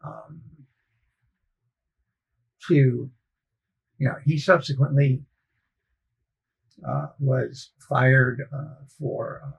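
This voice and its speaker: A man with a gravelly, husky voice tells a story in relaxed conversation. He is measured and logical, and he slips into quick voices to replay old exchanges with customers. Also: mid-range voice, muffled recording. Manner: storytelling, acting out past dialogues, measured and logical. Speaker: guest recounting his sales career. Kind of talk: casual conversation.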